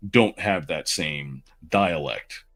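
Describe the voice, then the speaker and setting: A man's voice: a bass voice, slow pace, fairly bright tone, faint music behind. A man in his forties, a podcast co-host, telling a long personal story in casual, rambling fashion. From Southern United States.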